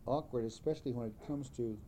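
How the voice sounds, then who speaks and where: Man, slow and measured, very dark mellow tone, faint rumble behind; careful explainer. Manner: measured, careful, repeats example words.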